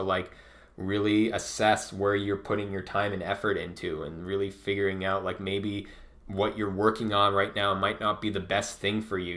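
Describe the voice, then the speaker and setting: A man's voice: deep voice, sharp tone. A man giving a casual tarot reading in a laid-back, profane way, filling his talk with "like". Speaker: tarot reader.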